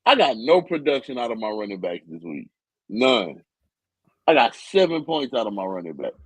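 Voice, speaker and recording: A man's voice: mid-range voice, big pitch swings, moderate pace, husky, dry recording, poor audio. A man with a Southern US accent co-hosting a casual sports talk show, laid-back and slangy, laughing often.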